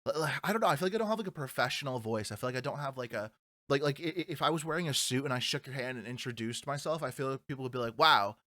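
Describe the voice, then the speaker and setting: Animated young New Jersey man. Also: mid-range voice, very fast, dry recording, studio quality. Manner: animated, swearing, laughs often, mocks himself in a stoner drawl. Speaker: podcast co-host. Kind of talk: casual podcast banter.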